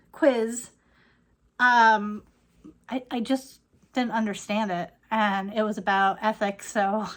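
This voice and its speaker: A woman's voice: a little high, a bit bright. A woman in her thirties ranting casually to camera, rambling and laughing often as she talks. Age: 30s. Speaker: vlogger.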